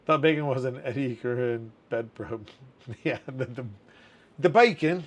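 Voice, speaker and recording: Speaking with a steady, medium-pitched tone at a moderate pace, this man is a community manager in his thirties. He runs a relaxed livestream chat, laughing a lot as he reads out viewers' comments.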